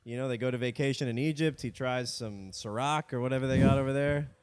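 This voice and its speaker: A man's voice: medium pitch, steady tone, fast, clean tone. A young man co-hosting a podcast in casual, jokey chat, riffing with his co-host. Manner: jokey, riffing, slips into silly put-on voices.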